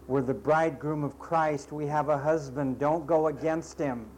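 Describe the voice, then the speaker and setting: A man preaching with a high-pitched voice. He scolds his listeners emphatically, repeating himself for effect, and slips into sarcastic asides. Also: fairly even intonation, moderate pace, darkish tone, slight background noise, poor audio. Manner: sarcastic asides and mocking impressions. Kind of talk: sermon.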